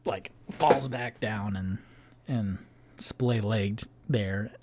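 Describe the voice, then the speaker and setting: A man narrating as game master of a solo tabletop game, describing scenes in an unhurried way with many fillers. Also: on the low side, very noisy.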